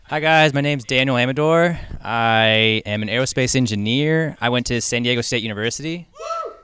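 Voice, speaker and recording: A man's voice: mid-range voice, wildly swooping pitch, moderate pace, fairly bright tone, smooth, dry recording, studio quality. A young adult man engineer introducing himself in a casual, friendly way with frequent fillers. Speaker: engineer mentor. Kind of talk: self-introduction at an event.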